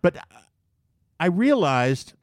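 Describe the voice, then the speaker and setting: A man's voice: high-pitched, very slow, dry recording, studio quality. A man telling a long story in casual chat, swearing freely and acting out what people said to him. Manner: animated, profane, mimics people in his story. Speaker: podcast host telling a story.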